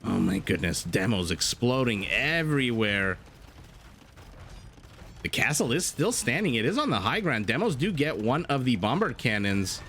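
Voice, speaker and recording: A man casting a strategy game match as a tournament co-host, excitable and prone to rambling tangents. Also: mid-range voice, moderate pace, a little hiss or hum. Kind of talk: esports match commentary.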